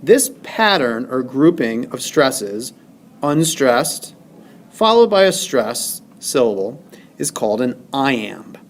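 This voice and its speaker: Teacher guy going over slides, slow and bouncy, counts out the syllables. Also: medium pitch, sing-song, a little hiss or hum. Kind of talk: recorded lecture over slides.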